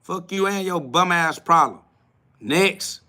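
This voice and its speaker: A man hosting a livestream, ranting at his chat in a blunt, confrontational and profane way, swinging between loud outbursts and low mutters. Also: animated, slow pace. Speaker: livestream host. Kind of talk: casual livestream rant to chat.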